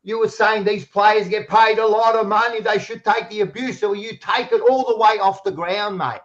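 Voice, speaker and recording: A man's voice: sits high, fairly even intonation, moderate pace, fairly bright tone. An Australian man in a heated casual debate, blunt and combative, calling everyone mate. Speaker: podcast panelist. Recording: dull lo-fi sound.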